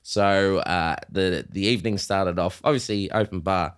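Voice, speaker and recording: A man's voice: sits low, moderate pace, clean tone. An Australian man in his thirties, a podcast co-host telling rambling stories in casual chat, with frequent fillers.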